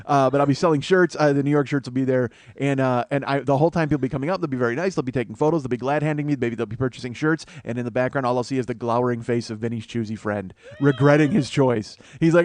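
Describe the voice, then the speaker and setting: A middle-aged man hosting a solo comedy podcast, rambling and profane, breaking into loud mock voices. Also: medium pitch, fast, hardly any pauses, no echo. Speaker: comedian host.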